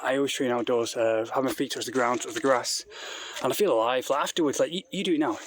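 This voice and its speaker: A man's voice: mid-range voice, fast talker. A man talking into a handheld phone while hiking an outdoor trail, rambling and out of breath. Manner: rambling, blunt, talking while walking uphill. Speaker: vlogger. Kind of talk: casual vlog while hiking. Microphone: phone held in hand. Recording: noisy outdoor phone recording.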